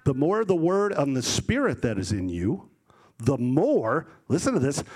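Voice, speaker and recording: A middle-aged man preaching a sermon, animated and rising to loud emphasis, acting out voices as he tells stories. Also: a little high.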